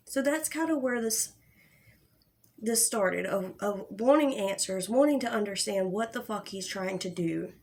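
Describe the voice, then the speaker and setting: A woman's voice: medium pitch, measured pace, a little mellow. Young female drama-channel host; casual, outspoken, swears freely, mid-range voice. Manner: blunt and profane, with frequent restarts. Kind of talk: casual livestream commentary.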